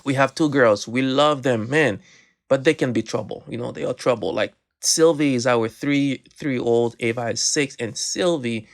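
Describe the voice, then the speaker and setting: A man's voice: medium pitch, moderate pace. A man, co-hosting a faith podcast and telling stories animatedly with many restarts. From Haiti. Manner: animated storytelling, frequent restarts. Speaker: podcast co-host. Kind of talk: casual faith podcast chat.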